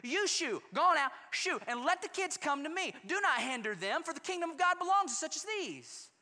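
An indignant Jesus rebukes his followers in a raised, commanding voice, as a preacher acts it out. The tone is bright and forceful, ringing through a long hall reverb. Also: high-pitched, lively intonation, a little fast, voice pushed up.

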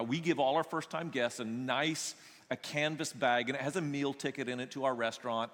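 A man pastor telling stories in a sermon, animated and joking, acting out the people he quotes. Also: medium pitch. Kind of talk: sermon storytelling. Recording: long echo of a large hall.

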